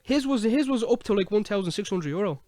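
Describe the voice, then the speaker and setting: Fast, high-voiced ranting Irishman. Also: no room sound, studio quality. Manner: animated, sweary, ranting. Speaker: podcast host. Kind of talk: casual late-night rant.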